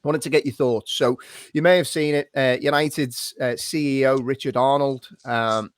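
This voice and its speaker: A man's voice: medium pitch, steady tone, moderate pace, clean tone, no echo. Brief: dad-aged man, podcast host, easy jokey banter, dry close sound. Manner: chatty, jokey, leads the talk. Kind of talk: casual chat.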